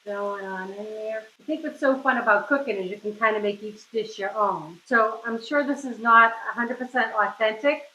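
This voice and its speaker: In a home kitchen, a middle-aged cooking show host from New England chats upbeat through a casual demo, tossing in "right?" again and again. She speaks a little high, at normal speed with few pauses and a sharp tone. The recording is low quality, roomy, with a slight hiss or hum.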